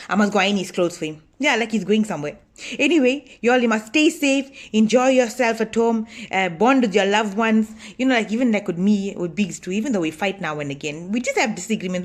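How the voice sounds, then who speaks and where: A chatty, scolding older auntie, put on by a woman in a comic sketch, talking straight to her viewers. She gossips and grumbles about her husband in a lively, nosy way, with a middle-pitched voice. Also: brisk, natural voice. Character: bossy older auntie, long-married, scolding lazy husband. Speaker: comedy sketch character. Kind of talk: comic monologue to camera.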